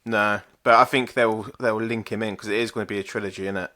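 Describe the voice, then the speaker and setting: A man's voice: on the low side, fairly even intonation, fast talker, sharp tone, no echo, studio quality. A man co-hosting a podcast in laid-back, sweary chat. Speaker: podcast co-host. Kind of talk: casual chat.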